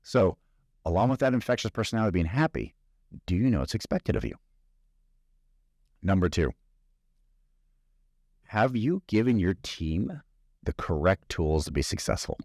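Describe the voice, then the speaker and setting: A man's voice: low-pitched, sing-song, normal speed, long pauses, a little mellow, dry recording, studio quality. A man hosting a podcast, giving a conversational motivational business talk full of stories and rhetorical questions. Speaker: podcast host.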